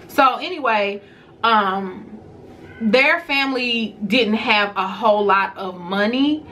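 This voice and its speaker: A woman vlogger telling a personal story to her viewers in a casual, animated way. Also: on the high side, takes it slowly, a little hiss or hum.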